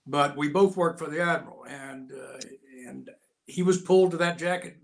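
An older American man spins long service stories as an interview guest, his voice sitting a little high for a man. He acts out the people he quotes with quick shifts in tone. His delivery stays loose, casual and conversational. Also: vocal fry. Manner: animated anecdotes with voiced quotes. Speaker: interview guest, actor and Navy veteran. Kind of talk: casual storytelling.

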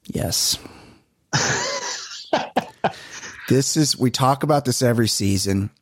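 A man co-hosting a podcast in casual chat, ranting in an animated way and swearing often. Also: medium pitch, slow pace, husky, no room sound. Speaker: podcast co-host.

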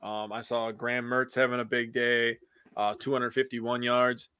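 A man co-hosting a casual sports podcast, excitable and quick to swear as he talks through the games. His voice is bright and forceful, mid-pitched, and sits dry and close with no room around it. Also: smooth, no room sound.

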